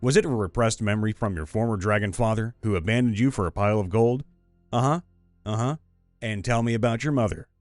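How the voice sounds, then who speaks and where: A man voicing a calm, smooth-talking 1920s businessman who talks like a salesman giving soothing therapy patter. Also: fairly low pitch, fairly quick, dry recording, soft background music, close to an everyday voice. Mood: coaxing.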